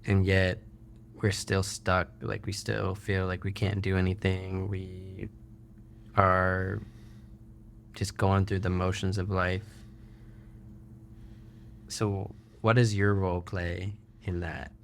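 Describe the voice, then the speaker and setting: A man with a very deep, level voice hosts a podcast and asks his guest questions. He speaks slowly and casually, often pausing on filler words. A faint ambient hiss sits under his voice. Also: level tone, creaky. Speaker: podcast host. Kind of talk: casual interview chat.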